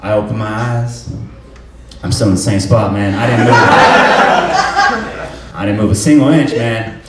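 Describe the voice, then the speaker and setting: A man's voice: on the low side, big pitch swings, unhurried. A young man performing a stand-up comedy set, telling stories in a laid-back way and laughing at his own jokes. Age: young adult. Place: live comedy venue with audience laughter. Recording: roomy hall sound, mic at a distance, faint noise.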